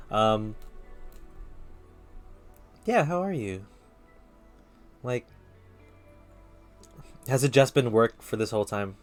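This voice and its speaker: Laid-back man chatting with viewers. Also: fairly low pitch. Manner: loose, chatty, slangy. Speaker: streamer. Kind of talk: casual chat with viewers. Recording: faint music behind.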